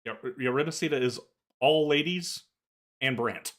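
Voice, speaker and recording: Male podcast co-host, bright forceful voice, chatty and opinionated, medium pitch. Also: normal speed. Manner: opinionated, laughs at his own jokes, stammers on restarts. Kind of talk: casual chat.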